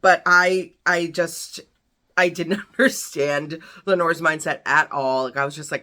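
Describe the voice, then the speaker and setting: Bright-toned chatty woman reviewing books. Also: deep voice, steady tone, measured pace. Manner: chatty, rambling, many fillers. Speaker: book vlogger. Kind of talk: casual book review chat.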